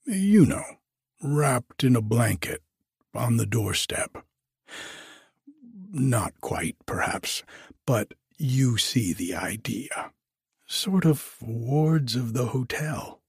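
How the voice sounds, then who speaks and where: A man's voice: medium pitch, very animated, drawn-out words, long pauses, slightly rough, no room sound, clean studio sound, heavily acted. A man voicing a cheeky, chatty hotel porter who jokes and confides cheerfully, as a character voice in an audiobook. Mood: confiding.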